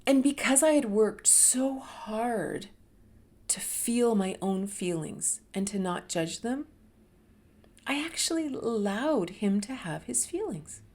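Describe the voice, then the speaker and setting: A woman in her fifties speaks as host of a reflective talk. She tells her own story candidly, letting her voice sink into quiet, low stretches and then lift with emphasis. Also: slow. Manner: candid and expressive, dropping to soft murmurs and rising with emphasis. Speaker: host sharing a personal story.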